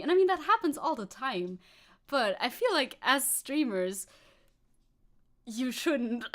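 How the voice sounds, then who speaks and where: Woman streaming, kinda out of breath, high lively voice, laughs a lot. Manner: animated, laughs often. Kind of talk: casual livestream chat.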